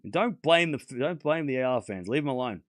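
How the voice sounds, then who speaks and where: Male stream host, sore throat, blunt and animated, casual chat, dry close sound. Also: medium pitch, a little fast, no echo. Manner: blunt and animated, scolding chatters, swearing. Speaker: tennis livestream host. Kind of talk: casual livestream chat to viewers' comments.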